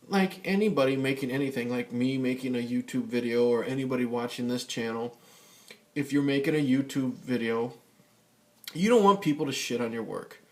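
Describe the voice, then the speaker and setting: A man vlogging a casual rant, swearing often and rambling with many fillers and restarts. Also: medium pitch. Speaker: YouTube vlogger. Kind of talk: casual ranting vlog.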